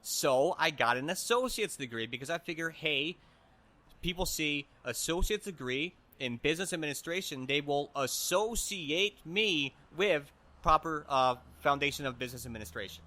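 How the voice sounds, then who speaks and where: A man's voice: on the high side, lively intonation, normal speed, pushed and bright. A man playing a rambling, self-important humanitarian guest who stumbles over his words in an improvised comedy podcast bit.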